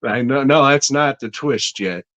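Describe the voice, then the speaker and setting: A man's voice: medium pitch, measured pace, a bit bright, lo-fi sound. A man co-hosting a podcast, casually retelling a movie plot in a rambling, profane way with frequent laughs. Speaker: podcast co-host.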